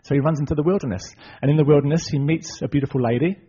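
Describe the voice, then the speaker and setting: A man preaching, retelling a story in a lively sermon with asides to the audience. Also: a little high, racing, husky. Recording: dull lo-fi recording.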